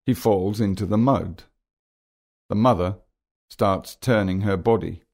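A man narrating a children's graded reader in a plain, measured, simple way. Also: lowish voice, darkish tone.

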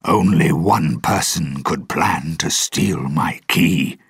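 A stern undead sea captain, as a storybook narrator puts him on, bellowing slow, commanding orders. The voice sits a little higher than the narrator's usual deep tone but stays husky, in a dry, close room. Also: male voice, dry recording, full character voice. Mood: furious shouting.

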